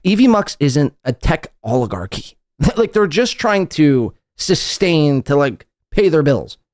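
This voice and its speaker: A man's voice: fairly high pitch, sing-song, unhurried, a little mellow, no echo, clean studio sound. A man hosting a podcast, mocking a guest's clip with crude, sarcastic commentary. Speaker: podcast host.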